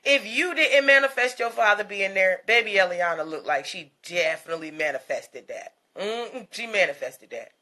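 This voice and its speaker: A woman's voice: medium pitch, animated, moderate pace, few pauses, sharp tone. A woman host giving a blunt, profane gossip commentary rant, mocking and laughing as she talks.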